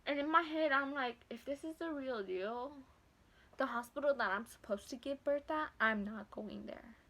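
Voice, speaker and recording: Animated young woman telling a story. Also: sits high, moderate pace. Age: young adult. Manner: animated, acts out voices, swears freely, mixes Spanish. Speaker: vlogger. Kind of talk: casual storytelling.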